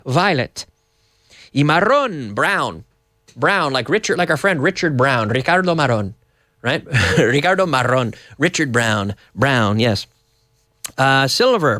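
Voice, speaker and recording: A man teaching English to Spanish speakers, repeating words slowly and switching between both languages. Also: mid-range voice, a bit bright, no echo, clean studio sound. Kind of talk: bilingual English lesson.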